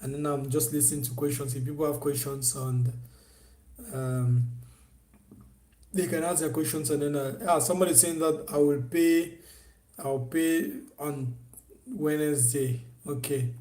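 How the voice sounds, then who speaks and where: A man's voice: on the high side, steady tone, measured pace, mellow. A man hosting a casual live stream, coaching viewers on online selling in a repetitive, persuasive way. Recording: echoey room.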